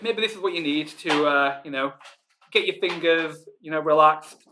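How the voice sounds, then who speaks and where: A man with a Northern English accent hosting a live online pub quiz, chatting informally with lots of ums and reading each question out slowly, then repeating it. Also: a little high, sharp tone, a little hiss or hum. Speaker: quiz host.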